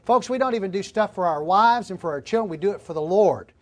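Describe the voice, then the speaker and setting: A man's voice: high-pitched, lively intonation, fast talker. A man preaching a sermon in an earnest, emphatic way, repeating his key phrases. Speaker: pastor.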